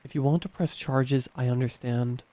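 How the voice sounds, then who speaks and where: A man voicing a frail, grieving old man who talks in a halting, apologetic way, choked up with tears. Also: mid-range voice, steady tone, warm tone, no room sound, natural voice. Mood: remorseful. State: choked up, crying.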